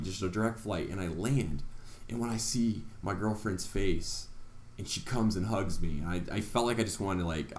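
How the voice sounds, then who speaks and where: A male vlogger with a low voice earnestly tells a personal story, acting out his own reactions as he retells events. The recording is reverberant with a little hiss or hum.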